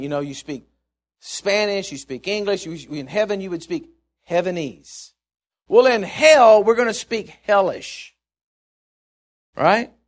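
A man preaching a sermon, stressing key points and dropping low for asides.

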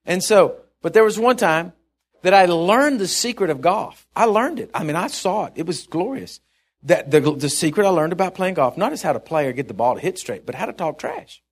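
A middle-aged male pastor preaching a sermon, telling stories in a rambling, chuckling way with many restarts. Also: on the high side.

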